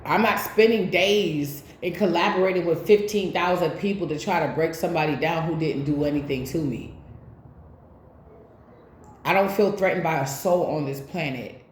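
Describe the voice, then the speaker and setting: A woman's voice: fairly low pitch, normal speed, a little hiss or hum. A woman giving a casual tarot reading, speaking bluntly with plenty of swearing, straight to her viewers. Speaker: tarot reader. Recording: echoey room.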